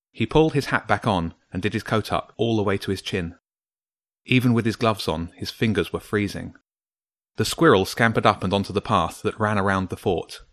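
A man reads a children's story aloud at a measured, steady pace. His voice sits on the low side. The sound is dry and close, with no room echo. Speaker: narrator. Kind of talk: scripted storybook narration.

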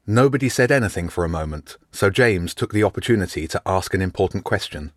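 Low-voiced male audiobook narrator. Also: animated, fast, few pauses, dry recording, studio quality.

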